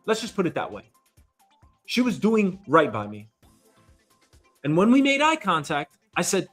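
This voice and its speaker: A man, hosting his own show and telling a story as an indignant, animated rant. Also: a little high, moderate pace, long pauses, soft background music. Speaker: show host. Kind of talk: casual ranting monologue. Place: New York.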